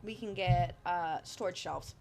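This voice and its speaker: A woman's voice: fairly low pitch, a little slow, vocal fry, darkish tone, a little hiss or hum. A young adult woman chatting casually while playing a game, rambling with lots of ums and likes. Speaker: streamer. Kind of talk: casual gameplay chat.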